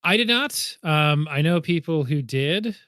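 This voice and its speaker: A man's voice: a little high, expressive, a little slow, a bit bright, dry recording, clean studio sound. A man co-hosting a movie podcast, chatting casually and hedging his guesses with self-deprecating laughs. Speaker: podcast co-host.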